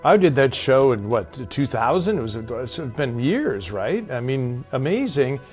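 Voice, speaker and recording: Man, actor guest, earnest, emphatic, repeats phrases, mid-pitched voice, faint music behind. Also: big pitch swings, a little slow, darkish tone. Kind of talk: casual conversation.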